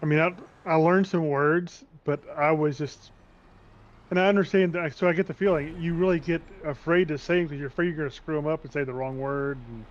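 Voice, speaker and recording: A man chatting casually as a co-player, talking in halting, stammering restarts. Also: fairly high pitch, fairly even intonation. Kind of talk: casual gaming chat. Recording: dull lo-fi mic.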